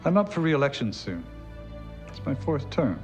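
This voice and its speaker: A scheming small-town mayor making a smooth, persuasive pitch in a TV drama. His pitch moves a lot, and faint music sits behind. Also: big pitch swings, moderate pace.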